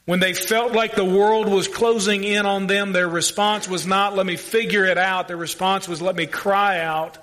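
A male pastor delivers a sermon to his congregation. His voice sits high and sounds bright. He talks earnestly and keeps putting questions to the listeners.

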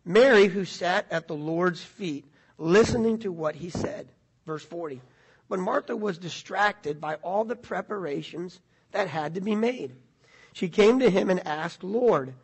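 A man's voice: high voice, a little slow, creaky, breathy edge. A middle-aged man, preaching a conversational sermon and asking the congregation questions. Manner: conversational, repeats words, asks the audience questions. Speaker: pastor.

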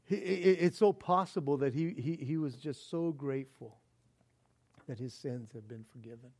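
A pastor preaching a sermon, animated and expressive, swinging between loud emphasis and hushed asides, often repeating words. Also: male voice, medium pitch, normal speed.

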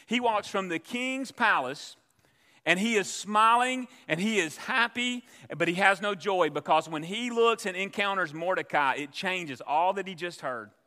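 A man's voice: high voice, bright, forceful tone, big-room sound. A man preaching a sermon, telling a story and acting out its voices. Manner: storytelling preacher, acts out voices in his tales.

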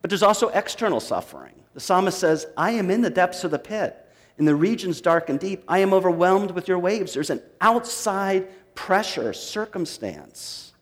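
A man's voice: high-pitched, big pitch swings, moderate pace. Male pastor preaching in a reverberant hall. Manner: dramatic reading with wide swings from loud to hushed. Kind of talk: sermon.

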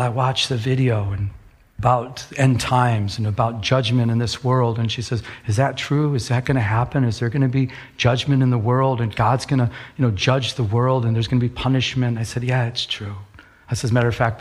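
A man's voice: medium pitch, breathy edge. A man preaching a sermon, telling a story in an earnest, conversational way. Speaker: pastor.

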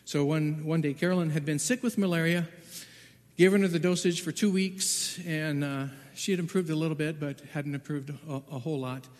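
A man with a fairly high voice tells a personal testimony, stumbling and repeating words as he goes. His delivery turns urgent and loud at the tense moments. A long reverb trails his voice, as in a large hall. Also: moderate pace. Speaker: Bible translator.

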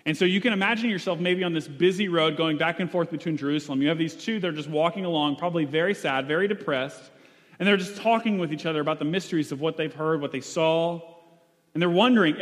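A male preacher delivering a sermon in a loose, conversational way, often pausing and restarting. His voice sits a bit higher than most men's, and a long reverb tail trails every phrase in a church hall. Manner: conversational, with frequent fillers and restarts.

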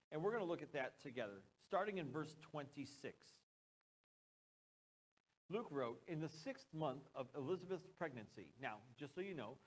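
Man, American accent, pastor, sermon, conversational, fairly high voice. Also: low-quality recording. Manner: conversational, with joking asides and questions to the congregation.

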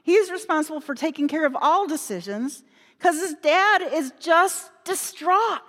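A woman's voice: very high-pitched, lively intonation, normal speed, a bit bright. A woman voicing a young man, a resentful older brother, in a bitter, aggrieved tone. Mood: worried. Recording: long hall reverb.

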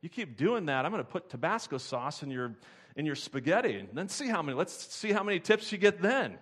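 A man voicing a grumpy, overworked waitress who complains loudly and bickers with coworkers. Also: very animated, fairly quick. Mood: bickering. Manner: shrill, complaining.

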